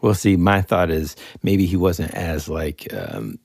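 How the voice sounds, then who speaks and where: A man's voice: low voice, very animated, slow pace, creaky, a little mellow, breathy edge, no room sound, clean studio sound. A man co-hosting a podcast, chatting casually and animatedly about a true-crime story, rambling and joking. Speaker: podcast co-host.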